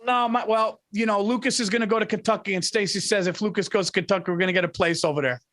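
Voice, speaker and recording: Excitable, high-voiced New York man. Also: fast talker. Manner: excitable, rambling, repeats himself. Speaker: podcast co-host. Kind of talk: casual chat.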